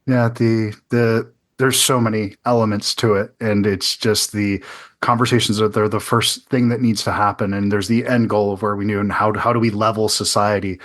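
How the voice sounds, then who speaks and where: Male podcast host, earnest, thinks out loud and restarts sentences, lowish voice. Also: little pitch movement, moderate pace. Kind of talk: casual interview conversation.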